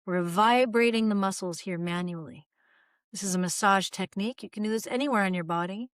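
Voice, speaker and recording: A woman voice coach calmly guiding listeners through relaxation exercises, modeling sighs and open "ah" sounds. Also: mid-range voice, a little fast, smooth, no echo, studio quality. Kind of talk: guided vocal exercise instruction.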